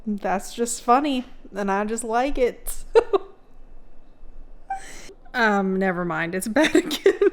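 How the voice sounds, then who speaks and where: A woman's voice: mid-range voice, lively intonation, slow pace, long pauses. A woman reading passages from a novel aloud in a casual vlog, giggling often and adding blunt commentary that swears freely. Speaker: book vlogger.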